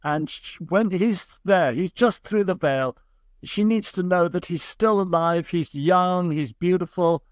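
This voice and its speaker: A man's voice: sits high, unhurried, no room sound, clean studio sound. A man, a guest scientist, explaining ideas in long, reassuring, flowing sentences. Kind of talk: explanatory podcast interview.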